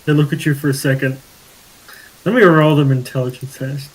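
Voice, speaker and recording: A man narrating a tabletop game as game master over an online call, relaxed and plain. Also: a little high, brisk, low-quality recording.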